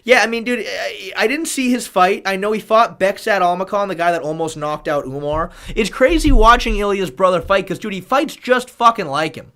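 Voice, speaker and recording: High-voiced rambling male streamer. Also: normal speed, few pauses, fairly bright tone. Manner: rambling and profane, thanks viewers. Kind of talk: casual live-stream chat.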